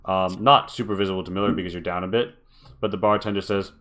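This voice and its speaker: A man's voice: sits low, fairly even intonation, quick pace, fairly bright tone. A man narrating a tabletop game as game master, in a laid-back, chatty way.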